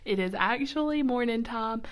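Woman, podcast host, chatty, upbeat, slips into soft whispers, casual devotional talk, quiet small room. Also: on the high side, moderate pace. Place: quiet nursing room of a church.

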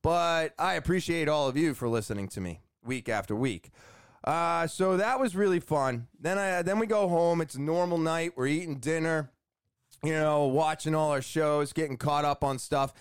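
A podcast host with a fairly high voice at normal speed tells a rambling, self-deprecating story, acting out the voices of the people in it. It's a casual storytelling monologue, captured in a dry, clean, studio-quality recording.

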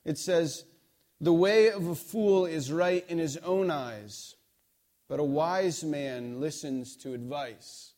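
A middle-aged man delivers a sermon with a somewhat high voice. He talks in a relaxed, conversational way and acts out the dialogue in his stories. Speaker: pastor.

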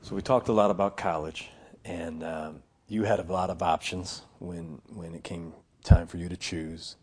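A man's voice: low voice, fairly even intonation, normal speed, darkish tone, breathy edge. A male podcast host who affirms his guest and asks long, framing questions. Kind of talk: interview questions.

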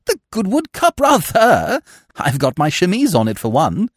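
Narrator as a chirpy young gentleman, raised pitch, lively, dry close sound. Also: slightly rough, no room sound, exaggerated voice. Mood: breezy. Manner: brisk, bright, upper-class chatter. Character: cheerful young gentleman, breezy and chatty.

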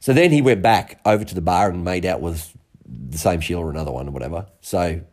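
A man's voice: low voice, fast talker, darkish tone. An Australian man co-hosting a podcast, telling a story in a candid, laid-back, joking way. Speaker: podcast co-host. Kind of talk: candid casual chat.

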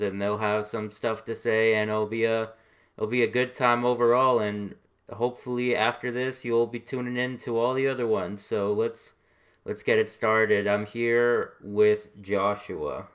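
A man's voice: on the low side, flat delivery, unhurried, a bit bright. A young man moderating a podcast in a loose, unscripted way, restarting his sentences. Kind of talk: casual podcast hosting.

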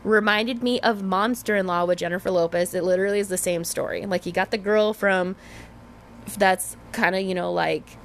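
A young woman hosts her own podcast in loose, animated chat. Her voice sits at a middle pitch, peppered with "like" and casual swearing. A faint noise runs under the recording. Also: moderate pace. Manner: chatty and animated, says "like" a lot; swears casually and jumps to squealing highs. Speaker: podcast host.

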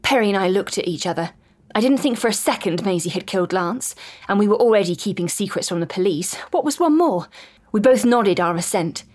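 A woman narrates an audio drama in first person. Her delivery is wry and lightly comic, with a plain, even voice. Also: medium pitch, fairly quick.

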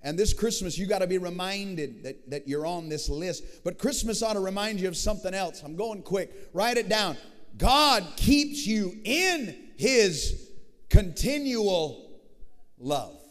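High-voiced preacher man in a reverberant hall. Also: normal speed, hardly any pauses. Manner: dynamic preaching, swings from shouting to hushed tones, rallies the crowd. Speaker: pastor. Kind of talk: sermon. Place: large church hall.

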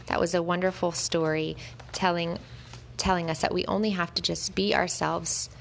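A woman reading a children's story aloud, gentle and expressive, lifting her voice at the lively moments. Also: on the low side, moderate pace, gravelly, slight background noise.

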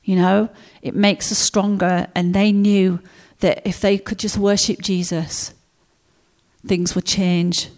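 A woman preaching a sermon, telling stories in a lively way and acting out the characters. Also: mid-range voice, takes it slowly.

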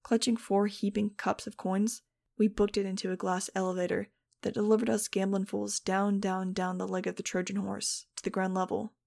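A woman's voice: medium pitch, level tone, moderate pace, creaky, darkish tone. A woman narrating an audiobook in the first person, in a wry, sardonic tone.

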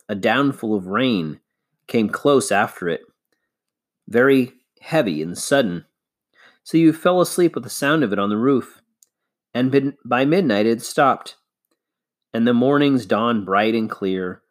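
A man reading a children's novel aloud, measured and expressive. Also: mid-range voice. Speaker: reader.

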